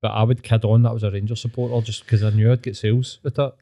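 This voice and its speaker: A man's voice: on the low side, flat delivery, fast, warm tone, muffled recording. A man with a Glaswegian Scottish accent, hosting a podcast in casual, sweary, mocking chat. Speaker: podcast host.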